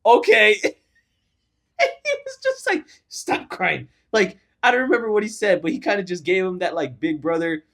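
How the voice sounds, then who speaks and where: A young man with a high, brisk voice co-hosts a podcast, telling a story in casual chat. He's animated, swears a lot, and acts out what people said.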